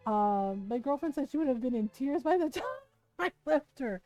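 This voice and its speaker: A woman from the United States tells a story on a livestream in an animated, swearing, laugh-filled way. Her voice sits a little high with a mellow, warm tone. Faint game music plays underneath. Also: a little fast, rough recording. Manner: animated retelling, swears freely, laughs often. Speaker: streamer.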